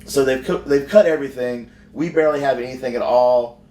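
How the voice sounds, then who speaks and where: Man at mid pitch, rambling profane podcast story, echoey room, mic far away. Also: fairly quick, mellow. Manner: rambling, profane, frequent restarts. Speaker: professional wrestler. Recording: roomy sound from far off.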